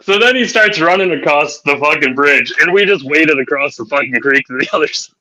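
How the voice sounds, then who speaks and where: This time the podcast host sounds on the high side, expressive, fairly quick, pushed and bright, though the audio is poor. He laughs his way through profane, rowdy anecdotes in casual conversation.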